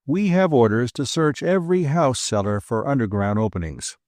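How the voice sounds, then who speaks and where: A curt trooper, as a man plays him, snapping orders in a raised voice. His pitch jumps around as he presses. The sound is dry and close. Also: animated, normal speed, darkish tone, dry recording, natural voice. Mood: stern. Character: brusque commanding male state trooper.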